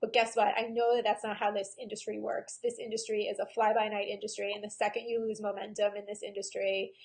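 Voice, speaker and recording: A woman photographer speaking candidly and emotionally in a personal video diary, pausing often with "um". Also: mid-range voice, little pitch movement, gravelly. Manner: frank and emotional, with frequent pauses and "um"s. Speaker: photographer and vlogger.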